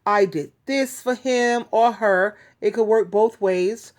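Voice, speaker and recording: A woman's voice: mid-range voice, slow. A woman hosting her own advice channel, talking casually to viewers in a chatty, rambling way, often giggling and restarting her sentences. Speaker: YouTube advice host. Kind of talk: casual talk to camera.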